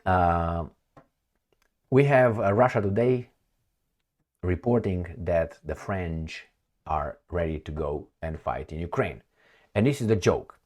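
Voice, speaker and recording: A very deep-voiced man talks straight to his viewers in a loose vlog commentary. He rambles and mocks, breaking off into asides and chuckles, and his tone stays sarcastic throughout. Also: takes it slowly, pauses often. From Romania. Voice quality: sarcastic, mocking. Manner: rambling, animated, frequent fillers and laughs. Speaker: political commentary vlogger.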